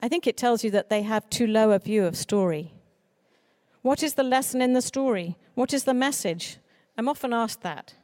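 A woman children's author speaks earnestly about writing for children. Her voice sits somewhat high. She talks expressively, now and then dropping into mock voices, and the sound is dry and close. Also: expressive, normal speed, warm tone, no echo. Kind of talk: conference talk.

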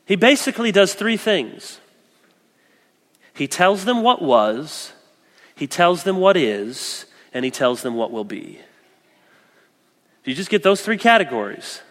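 A man preaching a sermon as pastor, animated, swinging between loud emphasis and soft, gentle quoted asides. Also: high-pitched, unhurried, pauses often. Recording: long echoey church hall.

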